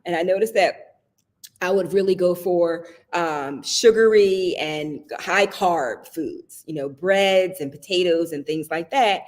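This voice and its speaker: With a low voice, a woman from the American South chats her way through a relaxed live stream, keeping things personal. She keeps checking in with viewers, laughing and tossing in "right?" again and again.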